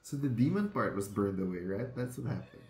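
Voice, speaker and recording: A man with a low, gravelly voice talks slowly and swears freely as he reacts live to an anime. He exclaims at the screen with plenty of excitement. The sound is roomy and echoey, with faint music behind him.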